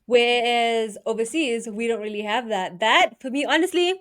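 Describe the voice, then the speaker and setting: A young woman co-hosting a podcast, talking in a chatty, animated way. Her voice sits a touch high, and she tends to trail off, restart her sentences and laugh along as she goes. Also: moderate pace. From South Africa. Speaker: podcast co-host. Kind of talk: casual chat.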